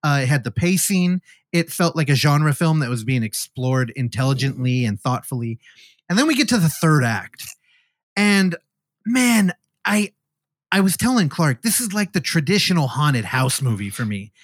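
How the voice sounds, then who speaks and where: A man's voice: fairly high pitch, very animated, moderate pace, dry recording, studio quality. A man co-hosting a casual podcast, rambling and joking as he retells a film and acts out the characters' lines. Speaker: podcast co-host.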